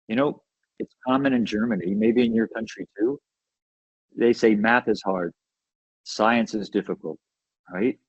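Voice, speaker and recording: A man's voice: medium pitch, creaky, darkish tone, slightly rough, dry recording, muffled recording. A man giving an educational webinar talk in an enthusiastic, conversational way, often checking in with "right?". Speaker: webinar presenter.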